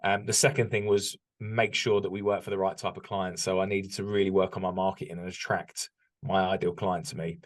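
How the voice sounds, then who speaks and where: A man's voice: low voice, level tone, a little fast. A British man talking candidly as a podcast guest, reflective and open, with frequent restarts and ums. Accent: British English. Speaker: podcast guest, business owner. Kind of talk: casual interview chat.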